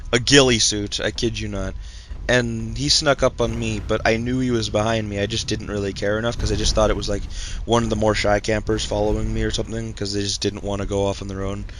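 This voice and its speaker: A man's voice: fairly low pitch, flat delivery, a little fast, fairly bright tone, slight background noise. A young man hosting his own channel, telling a rambling story full of ums, restarts and self-mocking asides. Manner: hesitant, full of fillers and self-corrections, self-mocking.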